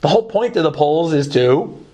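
A man with a Brooklyn accent teaching a Torah class, lively, joking and putting questions to his students. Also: a little high, brisk.

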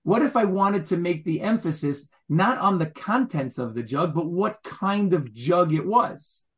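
A man's voice: sits high, expressive, measured pace. A man teaching a Torah class. He asks his listeners questions and explains Hebrew wording as he goes.

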